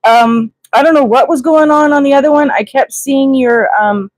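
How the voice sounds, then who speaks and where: A woman's voice: sits high, moderate pace, no echo. Chatty woman rambling on a livestream. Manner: chatty, digressive, many fillers and restarts; acts out quoted voices with exclamations. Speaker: livestream host. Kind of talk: casual rambling livestream chat.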